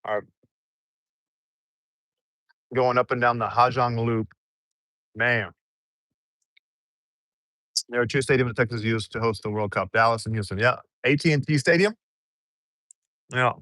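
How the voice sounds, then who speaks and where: A young American man talks through a casual travel eating vlog at an easy, rambling pace, breaking into small chuckles as he goes. His voice sits at an ordinary male pitch. The sound is dry and close, with no room echo. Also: moderate pace, long pauses, a bit bright. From United States. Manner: laid-back, rambling, chuckles often. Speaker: travel vlogger. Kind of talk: casual mukbang vlog chat.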